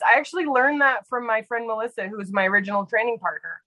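A woman guest telling casual stories in an animated way, full of quoted dialogue and fillers. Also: fairly high pitch, fast talker, hardly any pauses, no room sound, low-quality recording. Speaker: guest storyteller. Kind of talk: casual storytelling.

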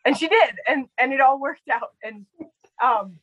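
A woman guest telling casual stories in an animated way, full of quoted dialogue and fillers. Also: sits high, normal speed, breathy edge, no echo, dull audio. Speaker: guest storyteller. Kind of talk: casual storytelling.

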